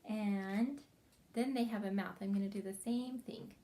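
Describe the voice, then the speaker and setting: A woman teaching a preschool craft lesson, speaking slowly, gently and encouragingly to young children as they follow along. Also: mid-range voice, fairly even intonation.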